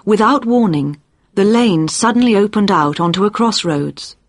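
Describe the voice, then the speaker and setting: Audiobook narrator, steady even storytelling, mid pitch, dry close recording. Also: normal speed, no echo.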